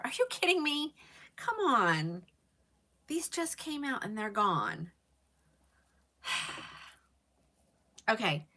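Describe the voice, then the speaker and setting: A woman hosting a live wig sale, chatting casually and rambling to her viewers, with quick whispered asides. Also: fairly low pitch, fairly bright tone. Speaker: live shopping host selling wigs. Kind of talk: casual live-stream sales chat.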